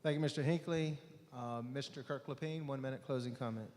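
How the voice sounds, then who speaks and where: A man moderating a candidates forum, giving brisk, matter-of-fact cues from away from the microphone. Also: mid-range voice, steady tone, a little mellow. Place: school auditorium. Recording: distant voice in a reverberant auditorium.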